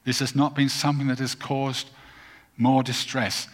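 Male pastor, mid-pitched voice, earnest and deliberate sermon delivery, long hall reverb. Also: flat delivery. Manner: earnest, deliberate, with emphatic repetition.

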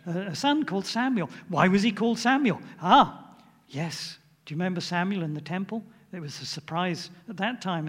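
A man's voice: high voice, in a large hall. An older man giving an informal sermon in a chatty way, often putting questions to his listeners. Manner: chatty, asks the audience questions. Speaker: preacher.

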